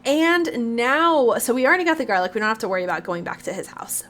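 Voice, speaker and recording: A woman's voice: on the high side, a bit bright. A woman hosting a gaming video, chatting casually to her viewers as she plays. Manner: chatty, addresses viewers directly. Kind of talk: casual gameplay commentary.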